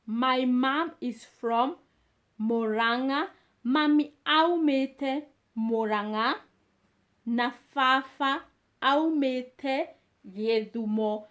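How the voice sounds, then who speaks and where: A woman gives a beginner language lesson in a high voice. She speaks very slowly, saying each phrase several times with many pauses and fillers in between. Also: a bit bright, muffled recording. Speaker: language teacher.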